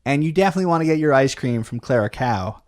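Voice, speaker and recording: A man's voice: medium pitch, expressive, quick pace. A man co-hosting a podcast, chatting casually and jokingly about toy sets. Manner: jokey, with playful quoted voices. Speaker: podcast co-host. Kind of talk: casual chat.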